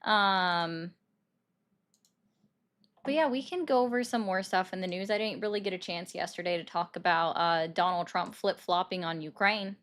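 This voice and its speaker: A young woman hosts a casual political commentary livestream, chatting with viewers, taking calls, and reacting to their comments. Her voice sits fairly low and has a fairly bright tone, and she talks at a moderate pace.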